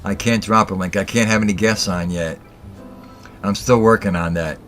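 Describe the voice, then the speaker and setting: A man's voice: on the low side, steady tone, normal speed, a bit bright, faint music behind. Giggly man hosting a casual livestream. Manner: giggling constantly, breaking into laughter mid-sentence. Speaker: livestream host.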